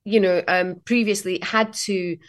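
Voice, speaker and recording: A woman's voice: medium pitch, steady tone, measured pace. A middle-aged Scottish woman guesting on a podcast, chatting casually, laughing often and acting out quotes. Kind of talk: casual chat.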